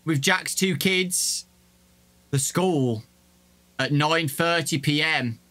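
Male gaming YouTuber, slow and wondering, higher-pitched voice. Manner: slow, wondering, reacts with gasps. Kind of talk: game reaction commentary. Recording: talking over loud game music.

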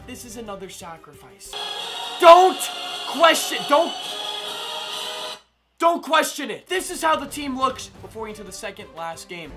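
Hyped male gaming YouTuber, high voice, music under him, loud bursts and swearing. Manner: hyped, loud outbursts and cursing. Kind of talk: excited gaming commentary. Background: background music.

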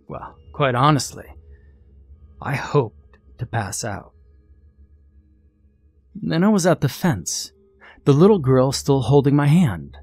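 A man's voice: mid-range voice, breathy edge, no room sound. Man narrating a creepy story, dry sound. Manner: measured, suspenseful storytelling. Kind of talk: scripted horror story narration.

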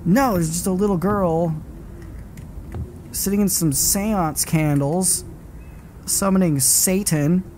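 A man's voice: sits high, takes it slowly, pauses often, darkish tone, a little hiss or hum. A man giving live horror game commentary, swearing and talking back at the game whenever it startles him. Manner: profane, jumpy, talks back at the game. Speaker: gaming streamer.

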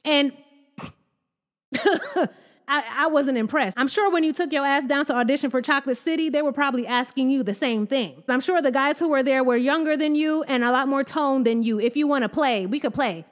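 Sassy high-voiced woman recapping. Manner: sassy, exasperated, animated swings in pitch. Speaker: reality TV recap host. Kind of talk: casual commentary.

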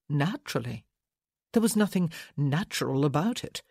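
An audiobook narrator reading a romance novel in a measured way. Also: medium pitch, expressive, gravelly, darkish tone, no room sound, studio quality. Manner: slow, measured. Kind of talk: scripted narration.

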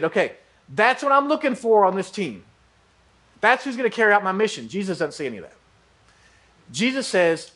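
A man's voice: high-pitched, expressive, a little fast, a bit bright. A man giving a church sermon, preaching animatedly and acting out how listeners might react. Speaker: pastor.

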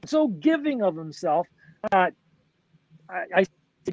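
A man's voice: high-pitched, big pitch swings, slow pace, dry recording. A man in his sixties, a record producer guest on a podcast, telling a casual, rambling story full of "like" and "you know". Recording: dull, lo-fi, dry.

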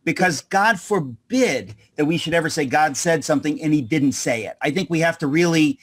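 A man hosts a conversational interview, thinking aloud as he goes. He often restarts his sentences in a halting way. His voice sits a little high for a man. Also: animated. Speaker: host.

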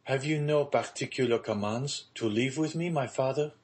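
A man's voice: medium pitch, normal speed, voice pushed up, close to an everyday voice. A man voicing a devoted young son who speaks earnestly and pleadingly in an audiobook reading.

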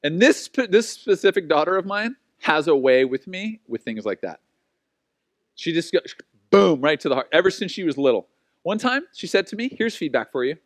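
High-voiced, lively pastor in his forties. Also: normal speed, no room sound. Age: 40s. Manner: animated, self-mocking storytelling. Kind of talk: sermon with personal stories.

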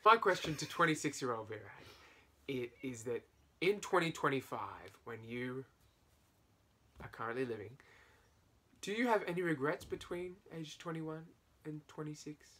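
A man in his twenties chatting casually with a friend, playful and teasing, with animated asides. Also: fairly high pitch, moderate pace, long pauses, husky. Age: 20s. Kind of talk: casual chat between friends.

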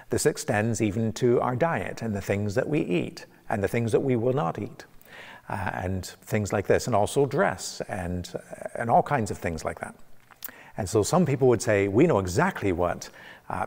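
A man's voice: fairly low pitch, vocal fry. A man preaching a conversational sermon as pastor, from Canada, with frequent restarts and fillers. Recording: long church reverb.

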